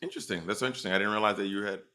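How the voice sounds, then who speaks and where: A man co-hosting a podcast in casual chat, teasing his co-host with sarcastic, deadpan asides. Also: fairly low pitch, racing.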